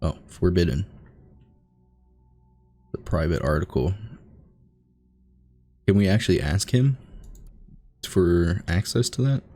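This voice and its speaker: A man's voice: sits low, animated, takes it slowly, pauses often, mellow, soft background music. A man hosting a let's play, thinking aloud as he reads through on-screen text in a casual commentary style. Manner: musing aloud while reading on-screen text.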